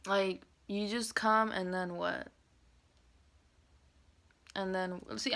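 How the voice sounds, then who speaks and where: Woman venting on camera, cussing a lot, rambly with lots of likes, middle pitch, loud then whispery. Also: a little slow, long pauses. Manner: blunt, profane, rambling with many fillers; swings between loud outbursts and hushed whispered asides. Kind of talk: emotional venting monologue.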